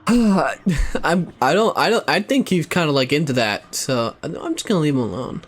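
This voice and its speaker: A man's voice: a little high, expressive, moderate pace. A young man streaming a game, chatting casually in a rambling, profane way, cutting himself off mid-thought. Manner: rambling, profane, self-interrupting. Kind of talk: casual gameplay streaming chat.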